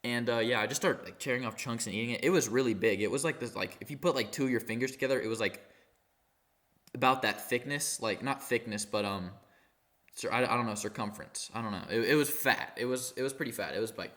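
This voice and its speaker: A teenage boy rambling through a storytime vlog while high, halting and full of fillers and swearing. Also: fairly bright tone. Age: teens. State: high on cannabis. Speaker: vlogger.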